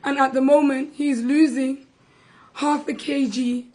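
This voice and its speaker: Young woman, high-pitched, voice worn hoarse, urgent impassioned press statement. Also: level tone, measured pace, darkish tone, low-quality recording. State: losing her voice, hoarse. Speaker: relative of a hunger striker. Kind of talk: press conference speech.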